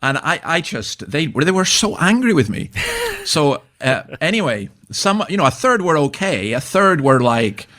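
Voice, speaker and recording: A man's voice: on the high side, big pitch swings, unhurried, sharp tone. An older man with a Scottish accent, a minister telling stories in a casual interview, chuckling and often restarting his sentences. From Scotland. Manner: chatty storyteller, chuckling, frequent restarts. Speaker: guest minister.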